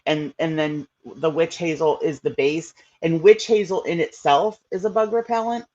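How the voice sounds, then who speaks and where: A woman's voice: low voice, fairly even intonation, moderate pace, darkish tone. A woman hosts a laid-back livestream and talks straight to her viewers. Her talk rambles and loops, full of fillers. The audio is dull and lo-fi. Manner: chatty and rambling, with many fillers. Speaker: livestream host. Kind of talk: casual livestream chat reacting to viewers.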